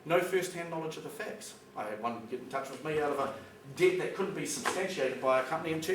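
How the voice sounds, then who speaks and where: A man's voice: on the high side, fast talker, few pauses, a bit bright. A man with a New Zealand accent giving a plain-spoken, emphatic public talk to an audience in a school hall. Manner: emphatic, plain-spoken, acts out phone calls. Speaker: public speaker. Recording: echoey hall recorded from a distance with background noise.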